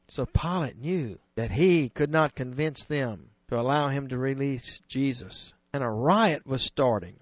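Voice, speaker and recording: A man preaching a sermon that retells scripture, earnest and emphatic, slowing on key phrases. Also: mid-range voice, no room sound, dull audio.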